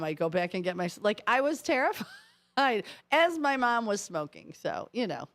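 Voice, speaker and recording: A woman's voice: mid-range voice, lively intonation, moderate pace. A middle-aged woman co-hosting a radio show, telling family stories in casual chat and laughing often. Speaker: radio co-host.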